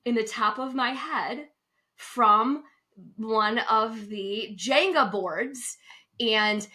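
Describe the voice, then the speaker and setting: A bright-voiced woman, a podcast co-host and travel advisor, tells a lively personal story in casual chat, speaking very slowly. She acts out quotes with big pitch jumps.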